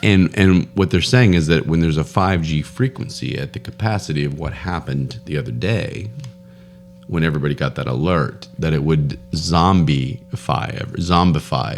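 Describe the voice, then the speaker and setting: A man's voice: a bass voice, a little mellow. A young man hosting a casual podcast, rambling with frequent laughs and stumbles. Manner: rambling, laughs often, stumbles over words. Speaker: podcast host.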